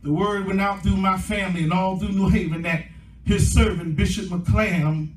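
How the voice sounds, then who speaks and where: A male pastor preaching a sermon, his delivery swelling into impassioned shouting as the congregation answers him. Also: high-pitched, steady tone, moderate pace. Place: church sanctuary. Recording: echoey church room from a distance with faint music.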